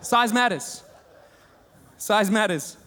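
A man with an Australian accent preaching a sermon, telling stories with humor and animated retellings. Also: high-pitched, slow pace, long reverb tail. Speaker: pastor.

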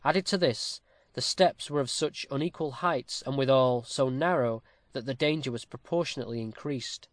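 An audiobook narrator reads a classic novel aloud close to the mic, keeping a steady, formal storytelling cadence in this scripted narration. His mid-range voice moves at a moderate pace, and the recording is dry.

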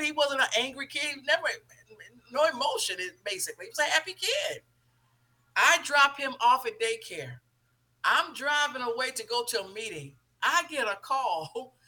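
A woman's voice: a little high, bright, forceful tone. A middle-aged woman hosting a talk show, telling a personal story and acting out the dialogue.

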